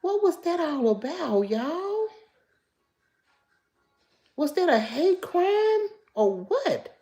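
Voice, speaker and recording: Woman, Memphis country accent, chatty livestream host, swooping animated pitch, warm dark tone. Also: very slow, muffled recording. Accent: Memphis Southern. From Memphis, USA. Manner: chatty, reads viewer comments aloud and answers them. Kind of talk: casual livestream chat.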